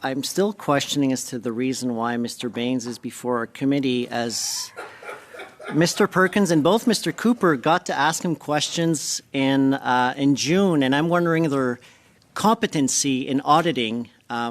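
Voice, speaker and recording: A man, a member of parliament, speaking in an exasperated, mocking way during a heated committee debate at a desk microphone. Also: mid-range voice. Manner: exasperated, mocking, breaks into laughter.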